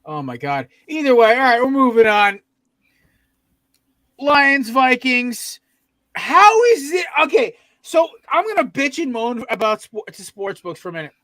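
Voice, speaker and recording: A man with a high-pitched voice leads a casual sports-betting chat as host. He rants with profanity and gets fired up about his picks. His voice sounds dry and close to the mic. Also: very animated, unhurried, pushed and bright, no echo. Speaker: podcast host.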